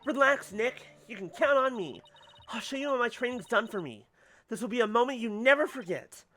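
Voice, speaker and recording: A man's voice: very high voice, lively intonation, a little fast, pushed and bright, faint music behind, exaggerated voice. A man voicing a confident, cheerful young female spirit medium in a game. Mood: upbeat. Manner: upbeat, self-assured.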